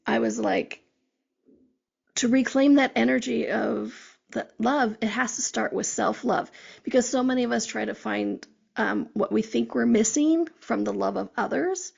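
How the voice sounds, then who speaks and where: A woman hosts a podcast in a chatty, encouraging way, often checking in with her listeners. Her voice sits a bit high and is heavily gravelly and husky throughout. The audio is dull and lo-fi. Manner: chatty, encouraging, frequent "um" and "okay?". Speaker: podcast host. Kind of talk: casual motivational podcast talk.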